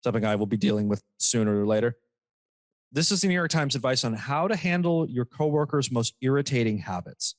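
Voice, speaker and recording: A man's voice: mid-range voice, animated, brisk, dry recording. A man co-hosting a casual comedy podcast, joking, reading quotes aloud mockingly and laughing often. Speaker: podcast co-host.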